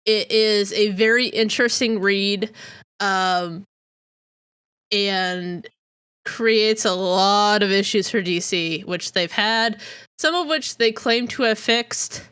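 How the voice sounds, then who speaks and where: Speaking slowly in a mid-range, fairly bright, clean voice, a podcast co-host rambles through a casual chat full of fillers. The audio is studio quality with no room sound.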